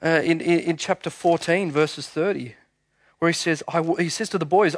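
A man preaching a sermon in a church, animated and conversational, often restarting his sentences. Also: a little high, normal speed. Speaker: pastor.

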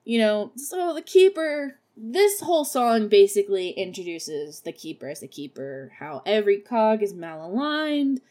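A woman's voice: mid-range voice, lively intonation, unhurried, hardly any pauses, mellow. A young woman talks through a horror musical she is reviewing for her podcast. Her recap is casual and sarcastic, full of profanity and little laughs at her own jokes. She keeps it loose and unscripted. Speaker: podcast host reviewing a film.

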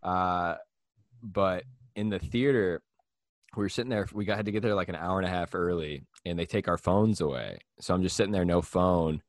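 A young man hosting a casual podcast chat, telling a rambling story with frequent laughs and quick impressions of people. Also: deep voice, dry recording, studio quality. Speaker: podcast host.

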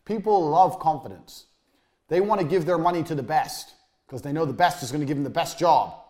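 A man instructs a motivational business course in a darkish tone, speaking a little fast. He is blunt and swears, repeating points for emphasis and letting phrases drop to a low, trailing finish.

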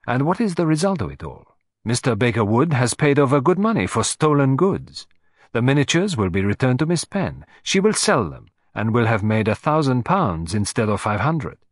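A man's voice: mid-range voice, no room sound. A smug, theatrical detective who savors every deduction, his clipping each phrase, as a male audiobook reader puts him on. The voice leaps about expressively and sounds dry and close. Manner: precise, self-satisfied, theatrical. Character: fussy, proud, shrewd older male Belgian detective.

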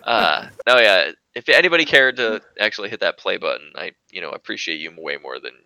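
A man's voice: sits low, expressive, fairly quick, gravelly, pushed and bright, clear, resonant tone, no room sound, low-quality recording. A man co-hosting a podcast in casual chat, laid-back, swearing and laughing often. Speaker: podcast co-host.

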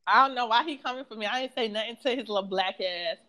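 A woman's voice: fairly high pitch, fast talker, pushed and bright. A woman hosting a casual chat, firing back sassy, dismissive comebacks. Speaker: host.

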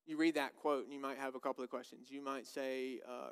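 A man's voice: medium pitch, little pitch movement, brisk, few pauses, clean tone. A man preaching a sermon, emphatic and full of repeated rhetorical questions.

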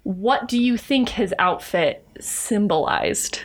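Animated, lively woman podcaster. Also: medium pitch, takes it slowly, slight background noise. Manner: animated, swearing, laughing often. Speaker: podcast co-host telling the story. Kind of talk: casual storytelling chat.

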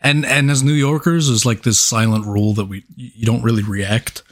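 A man's voice: mid-range voice, steady tone, a little fast. A man co-hosting a podcast who banters in a teasing, profane way. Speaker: podcast co-host. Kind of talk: casual banter.

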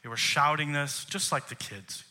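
Bright-voiced man preaching a sermon. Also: a little high, moderate pace. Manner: emphatic, asks rhetorical questions. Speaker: worship leader.

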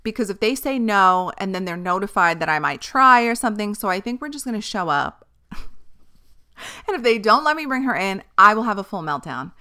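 A woman's voice: medium pitch, big pitch swings, a little fast, bright, forceful tone. A woman hosting a podcast, talking candidly and emphatically in casual chat, with frequent swearing and fillers. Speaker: podcast host.

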